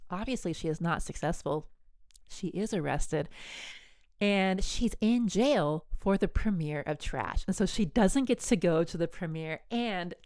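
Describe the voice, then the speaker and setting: A woman's voice: fairly low pitch, smooth, dry recording, clean studio sound. Chatty woman telling a story. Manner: chatty, animated, lots of fillers and voiced quotes. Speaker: host. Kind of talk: casual storytelling.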